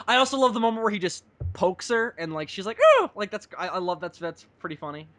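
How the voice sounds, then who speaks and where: A man's voice: high-pitched, fast talker, no room sound. A young man co-hosting a podcast, chatting animatedly about a film and acting out its lines. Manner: animated, quotes film lines in put-on voices. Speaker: podcast co-host. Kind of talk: casual chat.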